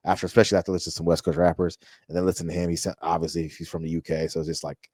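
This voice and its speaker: A man's voice: low voice, monotone, rapid-fire, darkish tone, no echo. A man hosting a casual music reaction, chatty and loose, talking straight to his viewers with lots of restarts. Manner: loose and chatty, with many restarts and hype phrases.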